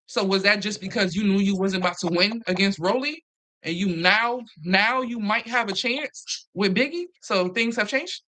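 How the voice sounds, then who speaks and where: A woman hosting a casual, animated recap chat, swearing freely and acting out what others said. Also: mid-range voice, moderate pace. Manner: animated, profane, acts out quotes. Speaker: host.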